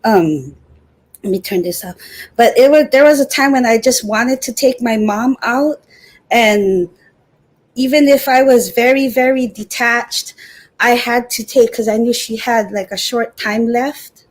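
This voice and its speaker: A middle-aged woman guest speaking earnestly and with emotion, halting at times, in an interview over a video call. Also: a little high, fairly even intonation. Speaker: guest, Air Force veteran. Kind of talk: personal interview talk.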